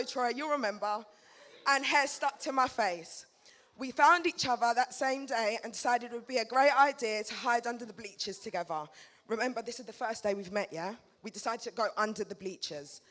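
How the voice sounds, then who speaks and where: A woman in her thirties with a fairly high voice reads a maid-of-honor speech from notes. She keeps it light, teasing herself and tossing asides to the guests. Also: fairly bright tone. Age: 30s. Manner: playful, self-mocking, chatty asides to the crowd. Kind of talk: wedding speech read from notes. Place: wedding reception hall.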